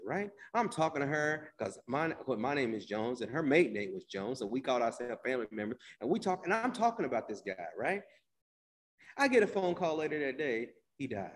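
A man preaching a sermon, swinging between hushed low lines and loud emphatic bursts, stretching and repeating his phrases and calling out to listeners by name. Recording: long hall reverb.

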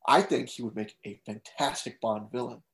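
Man, podcast co-host, casual chat, easygoing, hesitant, mid pitch. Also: moderate pace.

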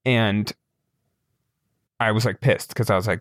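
A young man telling a story in casual chat, animated and laughing, lifting his voice to quote people. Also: mid-range voice, slow, no echo, studio quality. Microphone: remote call with broken camera.

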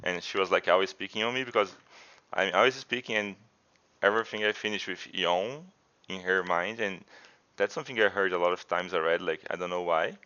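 A man's voice: sits low, fast, sharp tone. A non-native English-speaking man telling casual stories in a chatty way, often saying "like". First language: not English. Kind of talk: casual storytelling. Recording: dull lo-fi audio.

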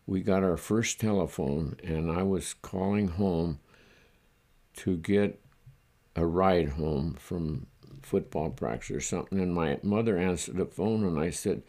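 This older man speaks in a deep, gravelly voice. He remembers his youth in a slow, halting way during an oral history interview. He breaks off now and then with a soft chuckle. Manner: halting, reflective, chuckles softly. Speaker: interviewee recalling his childhood.

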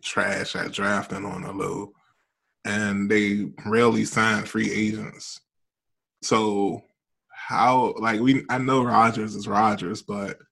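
Gravelly low-voiced man talking sports. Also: pushed and bright. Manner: laid-back, laughs easily, slangy. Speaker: sports talk co-host. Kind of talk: casual sports chat.

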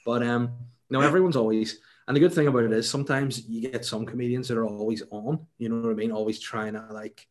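A man's voice: medium pitch, steady tone, fast, hardly any pauses. A young man with a Northern Irish accent, a stand-up comedian chatting casually in an interview, rambling with many restarts. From Northern Ireland.

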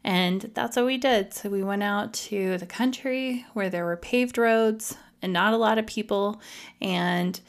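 Woman podcast host, casual confessional storytelling, emotional and open, mid pitch. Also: unhurried.

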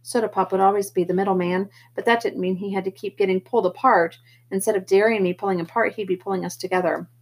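A woman reading a novel aloud in first person, steady and plain, with the odd slip. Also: mid-range voice, fast, breathy edge. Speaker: audiobook reader.

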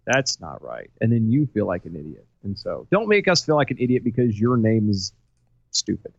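A man co-hosting a casual political chat, rambling and ranting as he searches for his words. His pitch swings widely. The recording is dull, lo-fi and dry. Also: very animated, brisk, breathy edge, no echo. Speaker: co-host.

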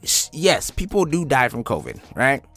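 A man in his twenties doing a profane comedic monologue as a podcast host, swinging up into high-pitched impressions. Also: huge pitch swings, moderate pace, a bit bright, faint music behind. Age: 20s.

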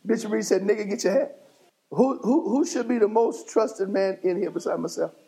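A man preaching a sermon as bishop in a church, working the congregation and rising to shouts. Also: high-pitched, moderate pace, gravelly, poor audio. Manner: fiery call-and-response preaching, rising to shouts. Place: church sanctuary.

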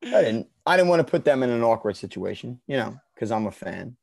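Gravelly young guy, low dark voice, swears a lot while telling a story, goes from mumbly to yelling. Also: expressive, quick pace. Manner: profane, boisterous, swings from mumbling to shouting. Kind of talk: casual storytelling.

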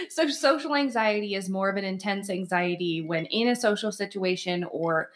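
A woman's voice: mid-range voice, normal speed. A woman co-hosting a podcast, explaining phobias in clinical terms in casual chat. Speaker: podcast co-host.

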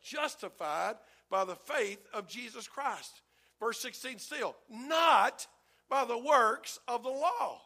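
High, gravelly preacher leading a sermon. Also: male voice. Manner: animated, calls for amens and group reading. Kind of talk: sermon with congregation read-along.

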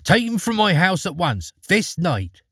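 A man reading as a fretful woman who speaks in urgent, scolding bursts, the husky voice lifted and lively. The sound is dry and close. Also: high-pitched, a little slow, dry recording, pitched above the performer's own voice, heavily acted. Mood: furious. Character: angry, fretful sexton's wife, middle-aged woman. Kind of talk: storybook reading.

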